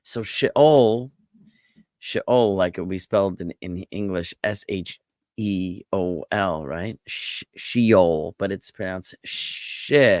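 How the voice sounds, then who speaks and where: A man, a rabbi, giving a relaxed online class on Biblical Hebrew, explaining words patiently and wandering off into asides. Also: low-pitched, takes it slowly, no echo, studio quality. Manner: relaxed, explanatory, digressive with fillers.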